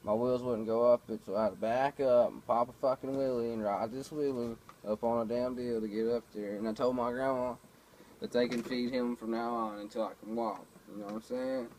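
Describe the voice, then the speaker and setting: A man's voice: mid-range voice, steady tone, fairly quick, a little mellow, slight background noise, poor audio. A man talking casually to a camera at home, telling rambling everyday stories with lots of fillers and swearing. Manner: laid-back, profane, storytelling with many fillers. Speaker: vlogger. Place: home, indoors.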